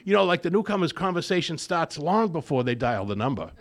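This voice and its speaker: This man, speaking to a recovery group, recounts his own story and performs the voices of each person in recalled exchanges. He pitches high, swings widely in tone, and moves along fairly quickly.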